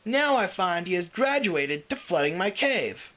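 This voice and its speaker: A man's voice: high voice, sing-song, unhurried, sharp tone, pitched above the performer's own voice, heavily acted, rough recording. A man voicing a huge, scornful male green dragon who mocks and snarls. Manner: mocking, snarling, growling.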